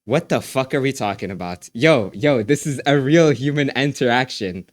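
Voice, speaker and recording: A man's voice: medium pitch, animated, normal speed, dry recording, clean studio sound. A young man streaming live, chatting casually in a rambling, slangy way with lots of restarts.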